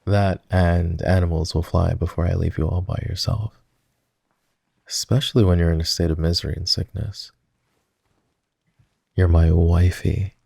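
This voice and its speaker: A man's voice: low voice, flat delivery, normal speed, creaky, long pauses, darkish tone, slightly rough, dry recording, clean studio sound, full character voice. A man voicing a protective, teasing young boyfriend who looks after his sick partner, in an affectionate whispered role-play. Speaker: voice actor.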